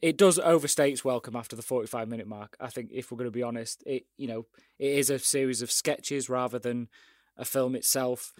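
A man co-hosting a casual film review chat, animated and acting out scenes he liked. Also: mid-range voice, brisk, dry recording, clean studio sound. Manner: animated, acts out scenes with quoted lines. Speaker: podcast co-host.

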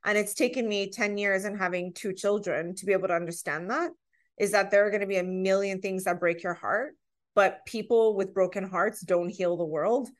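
This woman speaks at an ordinary middle pitch as a podcast guest. She tells personal stories in an earnest, heartfelt way, and her talk is relaxed and conversational. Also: fairly quick.

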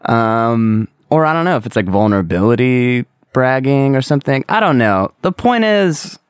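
A man's voice: mid-range voice, expressive, normal speed, clear, resonant tone, no room sound, studio quality. A young man hosting a solo podcast, talking candidly and rambling, with casual swearing. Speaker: podcast host.

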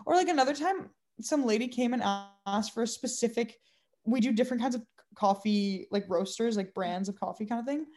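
A young woman with a fairly high voice, chatting on a podcast. She rants with animated energy, swearing freely as she recounts her job. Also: fairly quick. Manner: ranting, animated storytelling about customers. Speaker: podcast co-host. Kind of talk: casual chat.

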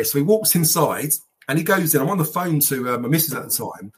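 A middle-aged man, telling lively football anecdotes with laughs in a casual chat. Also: on the high side, fast, hardly any pauses, breathy edge. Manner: animated anecdotes, laughs as he tells them. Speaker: guest football fan. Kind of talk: casual storytelling.

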